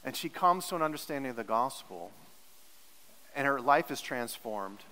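A man's voice: mid-range voice, expressive, moderate pace, sharp tone, big-room sound, poor audio. A male pastor preaching a sermon in an earnest, teacherly way, leaning hard on repeated words for emphasis.

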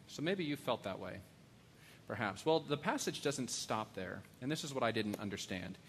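A man's voice: mid-range voice, animated, quick pace, fairly bright tone, in a large hall, a little hiss or hum. A married man preaching a sermon to a congregation, earnest and pleading, telling stories and asking the kids questions. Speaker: pastor. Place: church sanctuary.

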